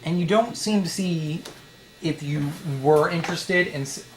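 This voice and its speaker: A man narrating as dungeon master, hesitant and full of pauses and fillers. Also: a little high, a little hiss or hum. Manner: halting, many fillers. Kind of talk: narrating a tabletop game.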